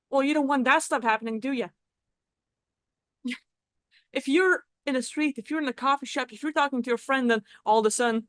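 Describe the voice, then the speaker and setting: A woman with a high voice talks casually and bluntly, dropping swear words as she explains. The sound is close and dry, with no room echo. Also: fairly quick, a bit bright. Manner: casual and blunt, swears freely, acts out quoted reactions. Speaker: spiritual vlogger. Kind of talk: casual teaching monologue.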